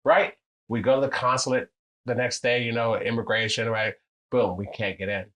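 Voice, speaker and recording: A man telling long, animated stories in casual chat, swearing freely and acting out what others said. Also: normal speed, poor audio. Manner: animated, profane, acts out quotes with big pitch jumps.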